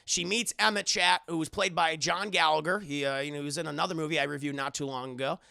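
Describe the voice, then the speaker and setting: A man giving a live-streamed spoiler review, talking to his chat in an animated, rambling way with many restarts. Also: a little high, fast, creaky, no room sound, clean studio sound.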